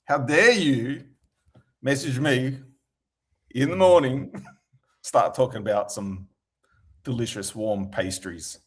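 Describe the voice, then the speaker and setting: An Australian man co-hosting a sports podcast over a call, talking in a playful, animated way and laughing often. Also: mid-range voice, slow pace, pauses often. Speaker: podcast co-host. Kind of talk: casual sports podcast chat.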